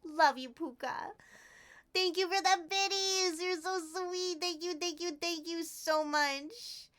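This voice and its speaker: A woman's voice: extremely high pitch, slow pace, a bit bright. A woman streamer chatting casually with her live viewers, giggling often and thanking them by name.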